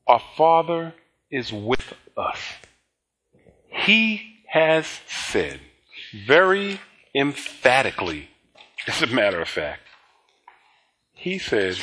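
Slow, bright-voiced preaching man. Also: medium pitch, very animated. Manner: preaching with humor, slow deliberate emphasis, chuckling asides. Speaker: pastor. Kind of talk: sermon.

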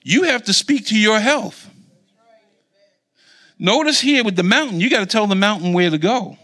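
A man preaching as a Bible teacher, quizzing his listeners and leaving blanks for them to fill in. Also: high voice. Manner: animated, quizzes the congregation. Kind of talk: sermon with call-and-response.

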